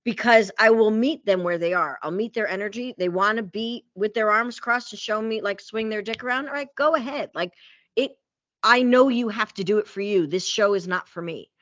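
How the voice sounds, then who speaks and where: A woman's voice: medium pitch, moderate pace, fairly bright tone, no room sound, lo-fi sound. A woman coach talking bluntly and animatedly in a casual podcast chat, swearing freely.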